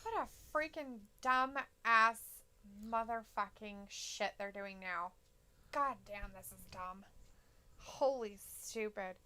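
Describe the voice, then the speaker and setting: A woman's voice: mid-range voice, slow pace, sharp tone, clean tone. A woman co-hosting a casual wrestling live stream, reading viewer comments aloud and reacting bluntly with plenty of swearing. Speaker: co-host reading chat.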